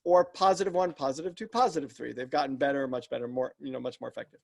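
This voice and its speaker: A man's voice: mid-range voice, quick pace, gravelly, darkish tone. A man, a leadership coach and podcast guest, explains his work earnestly and step by step, often restarting sentences. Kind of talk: explanatory interview talk.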